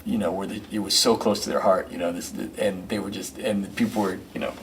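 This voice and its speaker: A man, a musician and record producer, telling loose, animated stories as an interview guest, peppering them with "you know" and "man". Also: sits low, quick pace, distant mic, slight background noise. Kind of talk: casual interview storytelling.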